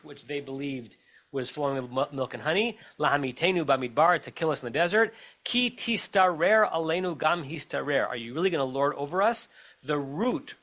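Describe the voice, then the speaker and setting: A man's voice: on the high side, sharp tone. A man with an American accent, a rabbi teaching a text study class over a video call, explaining step by step and checking in with his listeners as he goes.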